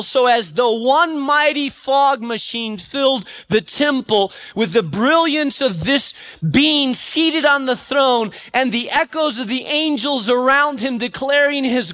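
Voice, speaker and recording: A man's voice: very high voice, sharp tone, dry recording. A man preaches a sermon, building his lines dramatically and calling out repeated refrains. The sound is close and dry, with no room around it. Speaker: pastor.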